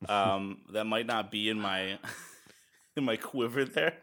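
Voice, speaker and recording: A man's voice: lowish voice, slow pace, bright, forceful tone. A man co-hosting a podcast, reading out user reviews in a playful, joking way and laughing often. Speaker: podcast co-host. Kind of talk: casual banter, reading user reviews aloud.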